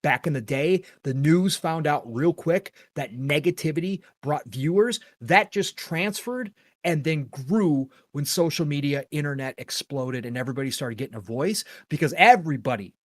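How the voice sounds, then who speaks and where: A man's voice: on the high side, normal speed, no echo. A middle-aged man hosting a gaming podcast, talking in an earnest, rambling, opinionated way with casual swearing. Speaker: podcast host.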